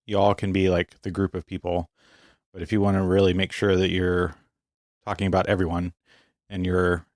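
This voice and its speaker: A man co-hosting a podcast, talking casually in a measured, teasing way and asking questions. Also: deep voice, flat delivery, no room sound, clean studio sound. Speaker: podcast co-host. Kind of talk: casual chat.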